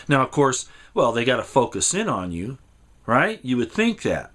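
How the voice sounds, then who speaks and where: A man with a mid-range voice delivers an impassioned monologue. He talks emphatically and rambles, often repeating words. His delivery swings between raised, insistent stretches and quieter, lower ones. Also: huge pitch swings, moderate pace. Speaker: commentator.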